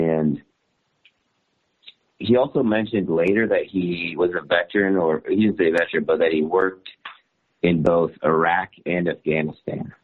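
A man's voice: low voice, normal speed. A man telling a story as a journalist guest, rambling with fillers and laughs. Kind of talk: casual storytelling on a call-in show. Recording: tinny phone line.

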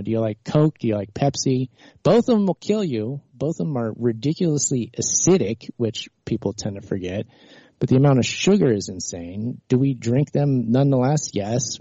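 Male stream host, exasperated and ranting, mellow dark tone, dry muffled mic. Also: medium pitch, slightly rough, dry recording. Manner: exasperated, rants with many restarts. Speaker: livestream host. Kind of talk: heated political call-in argument, then rambling monologue.

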